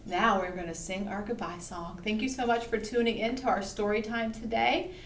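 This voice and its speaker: A woman's voice: mid-range voice, fairly even intonation, normal speed, a little hiss or hum. A woman librarian reading a picture book aloud for toddlers, sing-song and coaxing the children to join in. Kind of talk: toddler storytime read-aloud. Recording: roomy, distant mic, faint ambience.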